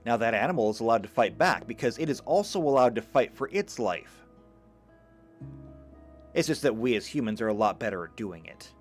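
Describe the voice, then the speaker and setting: With soft music in the background, a man speaks a little fast in a mid-range voice. His live lecture, which includes reading chat comments, is animated and emphatic, though he sometimes stammers and starts over.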